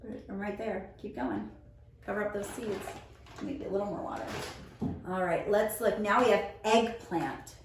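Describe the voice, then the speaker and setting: A young woman teaching preschoolers on video, gently sounding out words slowly and patiently as she plants seeds with a child. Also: mid-range voice, animated, gravelly, background noise. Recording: very echoey room, mic far off.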